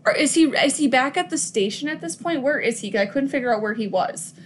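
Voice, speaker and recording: A woman excitedly talking through a film in casual chat, swearing and laughing as she goes. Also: high voice, a little fast, slight background noise. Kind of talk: casual movie recap chat.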